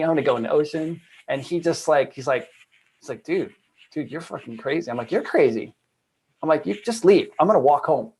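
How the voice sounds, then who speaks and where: A man's voice: mid-range voice, poor audio. Man, storytelling on a video call, acts out voices, casual chatty tone. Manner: animated storyteller, acts out quoted voices, many "like" fillers. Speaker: guest, trauma and addiction coach. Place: home room at a computer.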